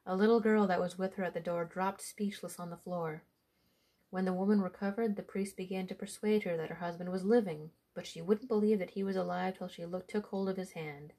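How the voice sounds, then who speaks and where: A woman telling an old folk tale aloud in a somewhat low voice. She reads at an even storytelling pace, acting out the speakers as she goes. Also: brisk. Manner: steady storytelling delivery.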